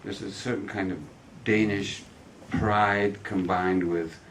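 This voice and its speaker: Low-voiced man telling stories at a film Q&A. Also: fairly even intonation, takes it slowly, a bit bright, slight background noise. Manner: chatty, laughs often while talking. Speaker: guest at a film Q&A. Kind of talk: casual anecdotal storytelling. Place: cinema hall in front of an audience.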